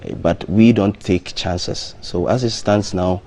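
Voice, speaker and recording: A man with a very low, dark, mellow voice. He talks through the facts at an even, measured pace, with ums and restarts along the way. There is a faint hum in the background of the studio recording. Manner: measured, plain promotional talk with frequent ums and restarts. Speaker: hotel marketing manager, studio guest. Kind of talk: live TV breakfast show interview.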